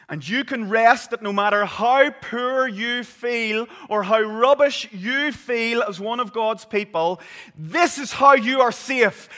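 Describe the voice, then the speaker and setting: High, bright-voiced preacher in a hall. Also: male voice, takes it slowly. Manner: vivid storytelling, swinging between loud and hushed. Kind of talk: sermon. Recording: long reverb of a large hall.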